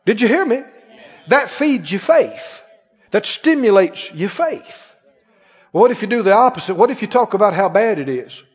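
A middle-aged man preaching a sermon as pastor, emphatic and animated, with sudden exclamations. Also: sits high, moderate pace, breathy edge. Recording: dull recording with long hall reverb.

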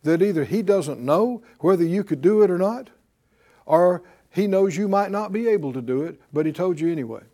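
A pastor's high, mellow voice with lively intonation carries his sermon at a normal speed. He builds emphasis, drawing responses from the congregation in emphatic call-and-response preaching that grows in force.

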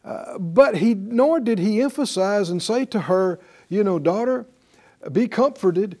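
A man's voice: high voice, animated, measured pace, a little mellow. A man teaching a Bible class, talking conversationally and putting rhetorical questions to his listeners.

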